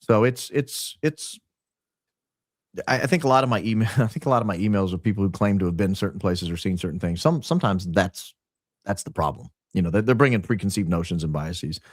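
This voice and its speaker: A man's voice: low voice, brisk, dry recording, clean studio sound. A man in his forties, a podcaster and former radio host, chatting animatedly as an interview guest, telling stories with frequent restarts. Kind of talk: casual interview talk.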